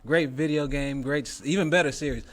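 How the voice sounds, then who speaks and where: Fast-talking young male podcast host. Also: fairly high pitch. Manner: fast, jokey, laughs often. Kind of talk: casual banter.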